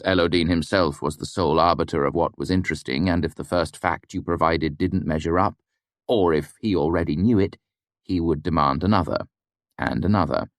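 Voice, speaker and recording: A man narrating a fantasy audiobook in a measured, expressive storytelling manner. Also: deep voice, dry recording, clean studio sound.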